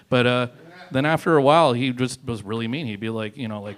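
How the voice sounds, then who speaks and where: A man's voice: mid-range voice, fairly even intonation, fast talker, few pauses, a bit bright. A young man doing a stand-up set, rambling and swearing, laughing at his own jokes. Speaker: comedian.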